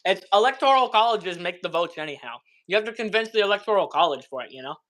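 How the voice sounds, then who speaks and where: A man's voice: high-pitched, animated, fast talker, fairly bright tone, low-quality recording. A young man guest in a casual debate, blunt and swearing freely as he talks.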